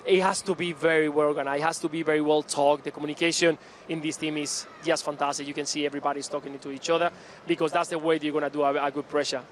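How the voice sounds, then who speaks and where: During a live pitchside interview at an outdoor training ground, a man on the club's coaching staff speaks earnestly but haltingly, full of restarts and fillers. There's slight background noise.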